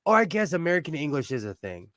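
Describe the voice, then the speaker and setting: A man's voice: on the high side, sing-song, fast talker, a bit bright. A man from Southern California co-hosting a livestream in casual chat, joking and laughing often as he talks. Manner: jokey, laughs often, trails off and restarts. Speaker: livestream co-host.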